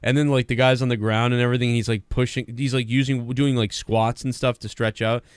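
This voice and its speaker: A man's voice: medium pitch, level tone, brisk, smooth, no room sound, studio quality. A man co-hosting a casual comedic podcast chat, riffing and laughing as he talks. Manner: laughing, riffs with loud mock voices. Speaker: podcast co-host.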